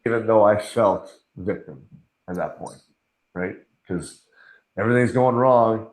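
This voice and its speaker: A man's voice: lowish voice, unhurried. A middle-aged man guest on a podcast, talking earnestly and candidly, often acting out his own inner voice in quotes. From Canada. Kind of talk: conversational interview. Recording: echoey room.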